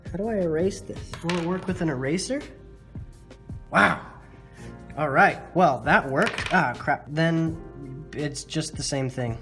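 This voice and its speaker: A man's voice: on the high side, a little slow, music in the background. A man hosting a casual drawing tutorial, rambling and poking fun at his own mistakes with lots of filler words. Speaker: art tutorial host.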